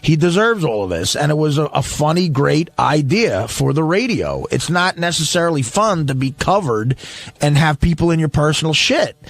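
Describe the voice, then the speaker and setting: A man's voice: medium pitch, no room sound. A man in a heated radio studio chat, talking in an agitated, defensive way and swearing often. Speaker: radio show regular.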